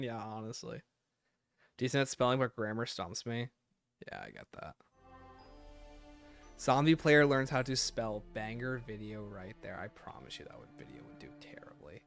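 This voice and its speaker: Animated male streamer, bright tone, loose joking livestream chatter. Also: fairly low pitch, normal speed, pauses often, faint music behind. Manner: animated, joking, thinking aloud. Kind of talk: casual livestream chat.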